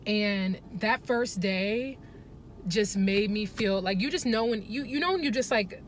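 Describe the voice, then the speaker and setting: A young adult woman vlogs from her parked car, speaking earnestly to the camera in a casual confessional style, chatty and full of fillers. Her voice sits at medium pitch and runs a little slow, with slight background noise.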